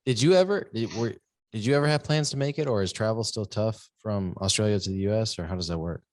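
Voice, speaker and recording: A man's voice: lowish voice, quick pace, dry recording, clean studio sound. A man with a Texan accent hosting an interview in a loose, friendly way. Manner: friendly, loose, calls guest brother. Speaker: podcast host. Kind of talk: casual interview chat.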